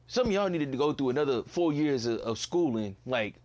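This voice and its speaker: A man's voice: mid-range voice, lively intonation, quick pace, hardly any pauses. A young man hosting a casual solo podcast, ranting bluntly, swearing and repeating himself in disbelief. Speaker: podcast host.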